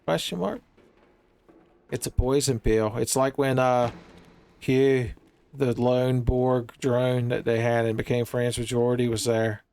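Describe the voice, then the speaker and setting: A man's voice: mid-range voice, fairly even intonation, slow pace, a little mellow, clear, resonant tone. A man giving rambling, joking commentary while he plays a video game, peppering his talk with "son" and bits of silly wordplay. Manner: rambling jokey riffing, calls viewers "son". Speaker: gaming streamer.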